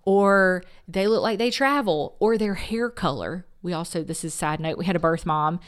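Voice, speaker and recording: A woman's voice: on the low side, normal speed, clean tone. A woman who directs an adoption agency, speaking as an interview guest in an earnest, heartfelt, faith-filled way.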